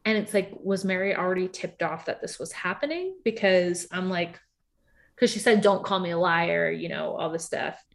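Chatty woman recapping with animated quotes. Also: fairly low pitch, moderate pace, gravelly. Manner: chatty, filler-heavy, animated quoting. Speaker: podcast co-host. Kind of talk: casual reality-TV recap chat.

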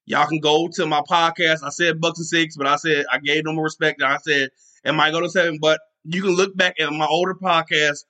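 Excitable man hosting a sports podcast. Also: fairly high pitch, a little fast. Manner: excited, rambling, restarts his sentences often. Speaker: podcast host. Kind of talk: casual sports podcast talk.

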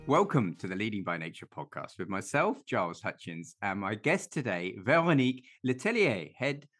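A man's voice: lowish voice, normal speed, faint music behind. A man hosting a podcast, speaking with enthusiasm. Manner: enthusiastic, expressive. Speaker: podcast host.

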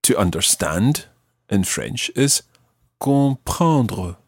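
A man's voice: mid-range voice, big pitch swings, drawn-out words, a little mellow, slightly rough, no room sound, clean studio sound. A man teaching a language lesson on a podcast, patiently prompting his learner with questions.

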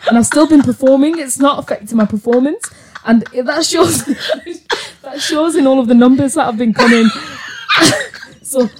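A young woman hosting a podcast, telling a work story in a rambling, animated way and laughing through it. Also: sits high, a little hiss or hum. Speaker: podcast host. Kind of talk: casual chat, storytelling.

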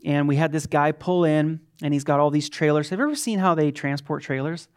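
A middle-aged man, a pastor, preaching an animated, conversational sermon with quick asides. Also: fairly high pitch, clean tone.

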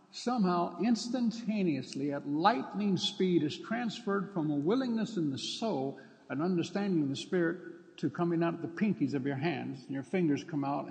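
A man preaching a sermon, telling stories and acting out dialogue with sudden loud outbursts. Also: on the high side, gravelly, in a large hall. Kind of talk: sermon with storytelling.

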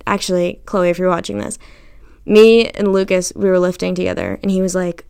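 A young woman hosting a casual solo podcast, chatty and animated, swearing freely and acting out what people said to her. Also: on the low side, brisk, creaky, clean tone. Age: young adult. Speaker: podcast host.

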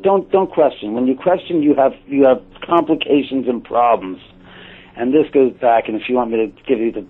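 A man casually telling a personal story, acting out his own quoted thoughts with lively shifts. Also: mid-range voice, breathy edge. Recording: tinny phone-like line.

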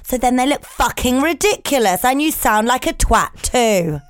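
A woman co-hosting a casual podcast, blunt and freely swearing. She reads listener emails aloud between bits of loose chat. Her voice sits at an ordinary middle pitch. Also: animated, normal speed. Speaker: podcast co-host.

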